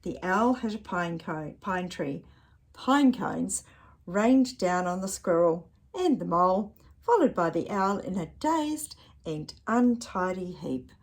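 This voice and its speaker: A woman reading a picture book aloud to children in a gentle voice, pausing to ask the listener questions. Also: lowish voice, sing-song. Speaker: storyteller.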